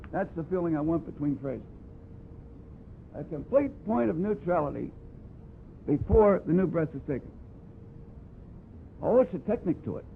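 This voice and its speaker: A brass instructor with a high, gravelly voice gives a clinic on breathing, speaking in blunt, conversational teaching talk that's plainspoken and wry, and scatting phrases to demonstrate. He's animated, talks at a normal speed, and takes long pauses. The audio is tinny, phone-like archival tape with a faint hiss.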